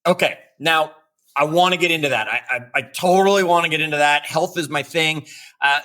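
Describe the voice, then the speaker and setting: A man's voice: fairly high pitch, a little fast, sharp tone. A man co-hosting a podcast, chatting in an upbeat way. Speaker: podcast co-host. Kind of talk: podcast interview.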